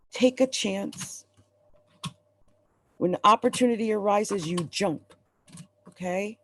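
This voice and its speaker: A woman's voice: fairly low pitch, darkish tone. A woman reading tarot cards on a live stream. She talks to viewers in an emphatic, urgent, encouraging way and is at times close to tears. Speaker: astrologer and tarot reader.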